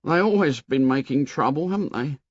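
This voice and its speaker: A man voicing an anxious, fussy schoolboy who talks in rough grammar and is eager to please. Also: mid-range voice, animated, a little fast, no room sound, pitched above the performer's own voice, natural voice. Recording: dull, dry studio audio.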